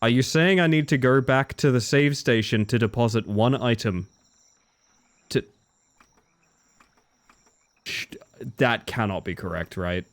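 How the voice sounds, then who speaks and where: A man's voice: mid-range voice, unhurried, long pauses. A man streaming a video game live, chatting casually with viewers and reacting to the game as he plays. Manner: chatty, answers chat and reacts to the game as he goes. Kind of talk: casual live-stream commentary while playing.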